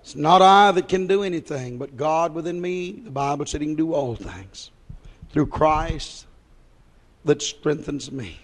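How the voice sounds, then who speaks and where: Man, preacher, folksy sermon, high voice, long hall reverb. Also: unhurried. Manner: folksy, rising to fervent exclamations.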